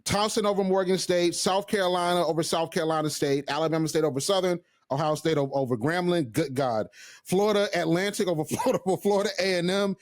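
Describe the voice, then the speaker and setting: A man co-hosting a casual sports podcast, his voice sitting a little higher than most men's. He talks in an animated, emphatic way, stacking restarts and asides as he goes. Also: fast. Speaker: podcast co-host.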